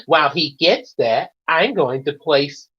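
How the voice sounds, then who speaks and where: A man's voice: fairly high pitch, unhurried, breathy edge. A man voicing a gracious woman who runs a palace, speaking politely in a read-aloud storybook. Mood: hospitable. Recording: dull lo-fi recording.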